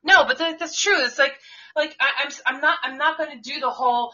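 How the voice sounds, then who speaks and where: A woman's voice: high voice, brisk. Outspoken New woman co-host. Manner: animated, profane, outspoken. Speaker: co-host, teacher. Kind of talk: casual podcast chat. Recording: dull lo-fi audio.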